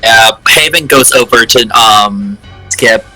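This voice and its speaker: Bright-voiced man playing a tabletop game. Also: lowish voice, takes it slowly, soft background music, low-quality recording. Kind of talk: casual tabletop play.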